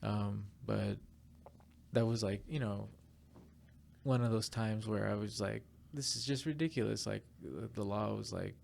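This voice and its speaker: A man casually telling a rambling, animated story on a podcast, full of fillers. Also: on the low side, a little slow, creaky, slight background noise. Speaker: podcast guest.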